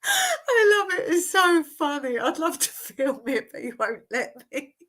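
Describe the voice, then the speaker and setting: A chatty woman with a high voice hosts a casual live stream. She reads out viewer comments and tells stories with plenty of giggles. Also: animated, a little slow, fairly bright tone. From England. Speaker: vlogger hosting a live stream.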